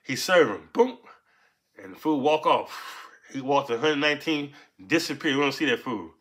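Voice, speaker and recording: Man, bright tone, laid-back storytelling, street slang, keeps asking "right?". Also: mid-range voice, animated, moderate pace. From Los Angeles. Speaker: storyteller recounting his past. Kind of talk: casual spoken storytelling.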